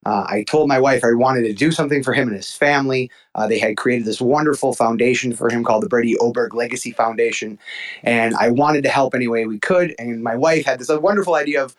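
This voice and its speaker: An energetic man joins a podcast through a call-in line. He is a bit out of breath and sounds upbeat and jokey, with an ordinary mid-range voice. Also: mid-range voice, fast, poor audio. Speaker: wrestling promoter, guest. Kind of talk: phone-in interview. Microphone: phone call-in.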